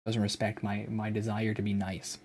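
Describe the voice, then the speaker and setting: A man's voice: fairly low pitch, monotone, normal speed, darkish tone. A male streamer in casual chat, exasperated and self-mocking as he repeats the same command over and over.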